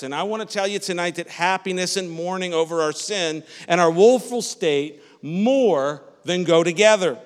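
A male pastor preaches with a high voice, his words ringing out across a reverberant church sanctuary. His delivery is conversational, and he keeps checking in with the congregation with "Amen?" and doubles back on his phrases. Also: normal speed, few pauses. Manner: repeats and restarts phrases. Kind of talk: sermon.

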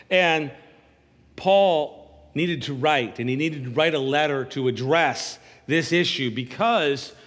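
A man's voice: on the high side, fairly bright tone, long reverb tail. A man preaching a sermon in a church, speaking conversationally and asking the congregation for an amen. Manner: conversational preaching with call-and-response asides. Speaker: pastor.

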